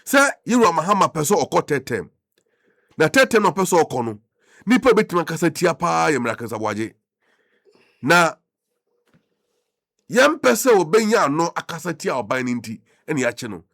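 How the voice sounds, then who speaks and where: A man's voice: on the high side, a bit bright, no room sound, clean studio sound. A man with a Ghanaian accent giving impassioned political commentary as a radio talk show host, mixing Twi and English. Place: radio studio.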